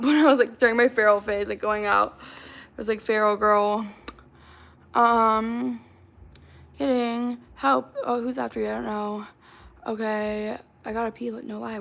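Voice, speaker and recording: A woman in her twenties hosts a casual livestream from her apartment. Her voice sits a little high with plenty of vocal fry, and she rambles loosely through viewer comments with lots of filler words. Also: a bit bright. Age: 20s. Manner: rambling, heavy use of "like" fillers. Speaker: livestream host.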